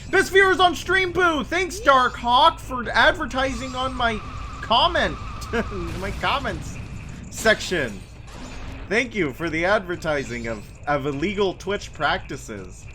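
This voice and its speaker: A man with a slightly high, sharp-toned voice chats casually while streaming a game, telling stories and wandering from topic to topic. Faint game music plays behind him, along with slight background noise.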